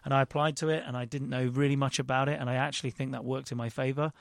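A man's voice: medium pitch, steady tone, very fast, gravelly, dry recording. Hesitant man, dry close sound. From London, England. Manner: rambling, hesitant, self-deprecating, with many restarts. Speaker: actor and director guest. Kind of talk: casual interview chat.

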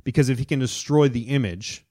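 A man's voice: medium pitch, a little mellow. Eager man retelling comic stories. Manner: enthusiastic, retells stories with quick quoted voices. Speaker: podcast co-host. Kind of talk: casual chat.

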